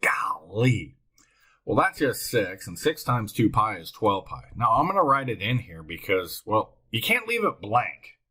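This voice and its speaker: An excitable man teaches math on a recording, thinking aloud and talking to himself as he works. His voice is bright and a little husky, and his pitch swings widely. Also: normal speed, few pauses.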